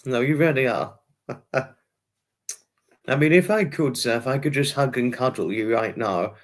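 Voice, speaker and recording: Guy rambling on his livestream, saying hi to chat folks, mid-pitched voice. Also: takes it slowly. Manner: chatty, rambling, greets viewers by name. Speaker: livestream host.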